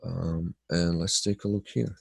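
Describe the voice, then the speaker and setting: Nasal low-voiced man hosting a webinar. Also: flat delivery, a little slow, creaky, a little mellow, breathy edge, no echo. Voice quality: nasal from blocked sinuses. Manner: loose, filler-heavy talk, answering viewers by name. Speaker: trading webinar host. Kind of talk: live webinar chat and chart analysis.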